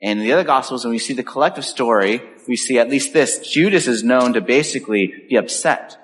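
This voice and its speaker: A male pastor preaching a sermon in an animated way, acting out the voices he quotes. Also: medium pitch, fairly quick. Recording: echoey hall with long reverb.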